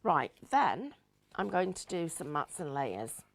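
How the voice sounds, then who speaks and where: A woman's voice: low-pitched, sing-song, measured pace, vocal fry. A woman hosting a live craft show, chatting in a rambling, giggly way. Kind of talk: live crafting demonstration chat.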